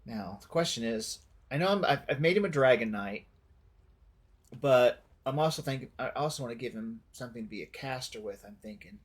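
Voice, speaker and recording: Man, game streamer, casual commentary, rambling, self-correcting, husky voice. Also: medium pitch, expressive, a little fast.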